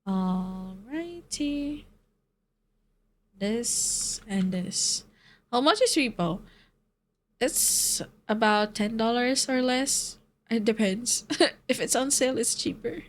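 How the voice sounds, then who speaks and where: A woman's voice: on the high side, takes it slowly, pauses often. A woman streamer chatting casually with her viewers, swearing and laughing often as she answers chat.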